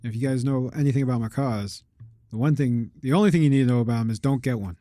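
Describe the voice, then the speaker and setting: A man co-hosting a casual podcast, telling animated stories and mimicking birds with shrill yells. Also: quick pace, no room sound, clean studio sound. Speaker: podcast co-host. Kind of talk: casual chat.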